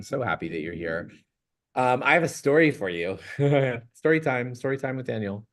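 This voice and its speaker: A man's voice: mid-range voice, lively intonation, moderate pace, a bit bright. Chatty man telling a story. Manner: chatty, rambling, laughs often, acts out quotes. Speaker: vlog host. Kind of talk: casual storytelling.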